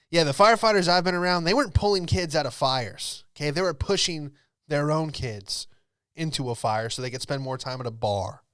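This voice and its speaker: Rambling comedian telling stories. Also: male voice, fairly high pitch, fairly bright tone, smooth, dry recording, studio quality. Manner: rambling, jokey, quick character impressions. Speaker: comedian podcast host. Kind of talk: comedic storytelling monologue.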